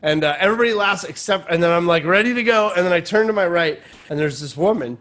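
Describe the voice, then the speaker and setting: Male stand-up comic hosting a podcast; lightly raised pitch, loose animated storytelling. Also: fast talker. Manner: rambling, animated anecdote-telling. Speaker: stand-up comedian and podcast host. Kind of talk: casual chat storytelling.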